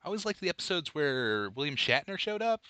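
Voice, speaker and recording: A man co-hosting a casual podcast, animated and enthusiastic in his reactions. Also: a little high, fast talker, clear, resonant tone, no echo. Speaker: podcast co-host.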